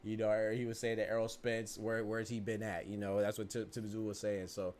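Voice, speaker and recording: Animated, rambling male podcast host. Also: on the low side, fairly quick, slight background noise. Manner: animated, rambling, keeps asking "you know what I'm saying". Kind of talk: casual sports commentary.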